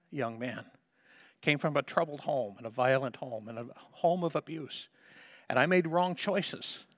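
A man pastor preaching a sermon, telling a personal testimony that moves from hushed to impassioned. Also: a little high, no room sound, clean studio sound.

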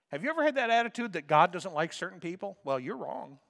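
A man preaching a sermon as a pastor, swinging from soft asides to loud emphatic calls. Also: sits high, sing-song, fast, vocal fry, few pauses, in a large hall.

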